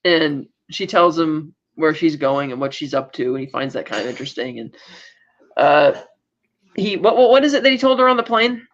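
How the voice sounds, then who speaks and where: This man's fairly high, slightly bright voice has lively intonation and moves at a normal speed as he co-hosts a podcast. He goes over an episode in relaxed, rambling talk full of "like" and false starts, and the recording is dull and lo-fi.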